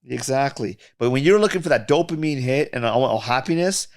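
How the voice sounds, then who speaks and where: On a podcast, a medium-pitched man speaks fairly quickly, telling stories from his work as a music producer. He chats loosely and casually and becomes animated when he does impressions of others.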